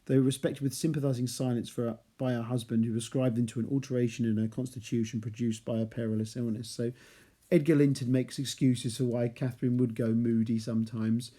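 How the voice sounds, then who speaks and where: A man teaching literature reads passages from a chapter and analyzes them in a chatty way, sprinkling in playful asides. His medium-pitched voice is warm, fairly quick, and flat in delivery.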